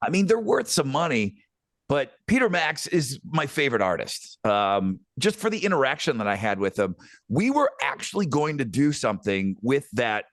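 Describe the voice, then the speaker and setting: Middle-aged male podcast host, lively pitch, dry close sound, rambling casual storytelling. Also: moderate pace, no room sound. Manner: rambling, animated anecdotes with many fillers.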